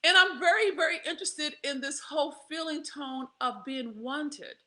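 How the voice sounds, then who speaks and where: Black woman vlogging, high bright voice, jumps all over the place, cusses and laughs a lot. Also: moderate pace. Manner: animated, profane, laughs often, addresses listeners as y'all. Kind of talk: candid personal storytelling to camera.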